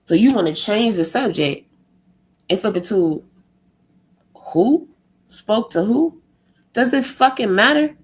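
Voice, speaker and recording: A woman's voice: mid-range voice, expressive, takes it slowly, pauses often, rough recording. Woman ranting, exasperated and sarcastic. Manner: exasperated, sarcastic, heavy swearing; fires rhetorical questions, mocks others in a put-on tone. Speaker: vlogger. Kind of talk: profane monologue rant.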